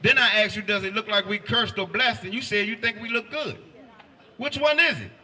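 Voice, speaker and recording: Bright high-voiced man preaching forcefully. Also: brisk. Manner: forceful, quizzes listeners with pointed questions. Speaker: street preacher. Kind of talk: outdoor street preaching.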